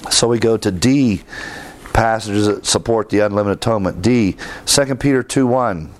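A man's voice: on the low side, moderate pace. Man teaching theology, quoting scripture. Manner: reads verses aloud with emphasis, conversational asides. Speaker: Bible teacher. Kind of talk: theology lecture.

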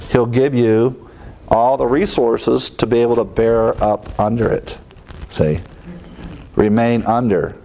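A man preaching a sermon, acting out quick inner voices with sighs and exclamations. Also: mid-range voice, dark tone, slight background noise. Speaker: pastor.

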